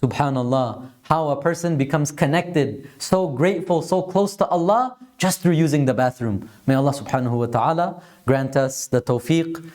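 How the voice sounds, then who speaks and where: A man's voice: on the high side, normal speed, darkish tone. Earnest man teaching a mosque lesson. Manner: earnest storytelling with Arabic phrases. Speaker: religious teacher.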